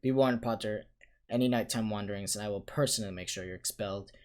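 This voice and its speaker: A man voicing a cold, sneering male schoolmaster who speaks slowly and smoothly, with quiet menace. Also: on the low side, close to an everyday voice. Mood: menacing.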